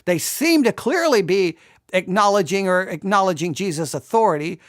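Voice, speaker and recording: A Bible teacher giving an exegetical study, talking in an animated way, acting out quoted lines and often restarting sentences. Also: medium pitch, moderate pace. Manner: animated, acts out quoted speech, frequent restarts.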